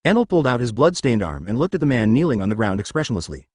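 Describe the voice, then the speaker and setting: Brief: male storyteller, animated pitch, a very dry recording. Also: racing, husky, no room sound. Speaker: narrator. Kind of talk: scripted story narration.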